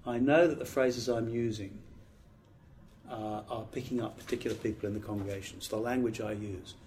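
A middle-aged pastor from Britain, voice on the low side, steady and darkish, speaks a little fast in a training talk on preaching. He's earnest and emphatic yet conversational, with restarts, over a little hiss or hum.

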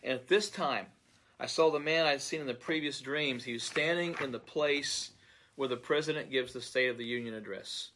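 Earnest man recounting a dream, halting. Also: mid-range voice, fairly bright tone, slight background noise. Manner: earnest, halting, repeats words while searching for them. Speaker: pastor. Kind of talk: recounting a dream, unscripted monologue.

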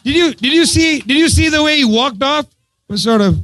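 A man with a very high-pitched, expressive and fairly bright voice gives an impassioned political talk to an audience at a moderate pace. He's sarcastic and emphatic, hammering his points home through repetition.

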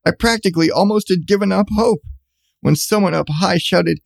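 A man's voice: a little high, brisk, creaky, a little mellow, no room sound. A man reading a rhyming children's storybook aloud with a bouncy cadence.

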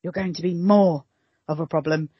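A woman co-hosting a casual history chat, animated and laughing as she tells the story. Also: on the low side, normal speed, slightly rough, dry recording. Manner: animated, laughing, mocking voices. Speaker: podcast co-host. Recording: dull, dry close mic.

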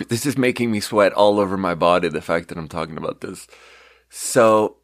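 Male podcast host, lowish voice, chatty storyteller who keeps interrupting himself, giggly and excitable. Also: normal speed, pauses often, no room sound, clean studio sound. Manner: rambling, self-interrupting, many "like" fillers. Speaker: restaurant front-of-house worker. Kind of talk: casual chat, storytelling.

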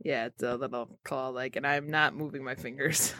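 A woman co-hosting a podcast, telling a story with animated, crude jokes. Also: very deep voice, normal speed, no room sound, studio quality. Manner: animated, joking, crude humor. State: injured shoulder. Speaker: podcast co-host. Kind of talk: casual chat.

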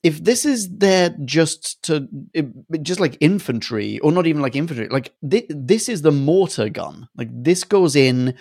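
A man's voice: on the high side, expressive, normal speed, creaky, few pauses, a little mellow. A man co-hosting a casual chat, talking loosely with frequent laughs and rambling asides. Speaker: podcast co-host.

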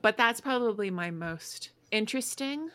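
A young woman guest on a podcast, telling a field story in a rambling, casual way with lots of fillers, dropping to a hush when quoting others. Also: on the high side, animated, moderate pace.

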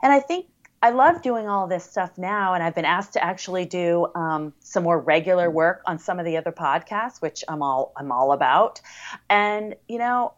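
A woman's voice: lowish voice, lively intonation, moderate pace, highs cut off. An American woman chatting as a podcast guest, upbeat and talkative with lots of fillers. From United States. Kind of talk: casual interview chat.

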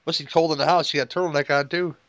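A man's voice: on the high side, steady tone, racing, a bit bright, low-quality recording. A man co-hosting a movie commentary podcast, making crude jokes in casual running chatter over the film. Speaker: podcast co-host.

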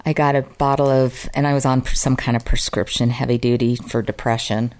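A woman with an unusually deep, low-pitched voice speaks as a guest in an interview. She tells her own story in an earnest, open and emotional way, now and then making fun of herself. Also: steady tone, brisk, darkish tone. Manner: earnest, open and emotional, sometimes self-mocking. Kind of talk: candid personal storytelling in an interview.

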